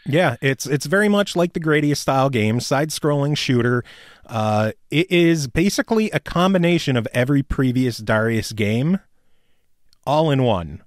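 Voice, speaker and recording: A man hosts a casual podcast, trading crude jokes and breaking into laughter often. His voice sits at a middle pitch and is recorded close and dry, with little room sound. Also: lively intonation, moderate pace, no room sound. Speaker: podcast host.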